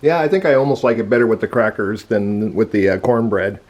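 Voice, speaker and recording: A food reviewer does a casual taste test, chewing and talking with his mouth full. His voice is lowish and a little mellow, and he speaks fairly quickly.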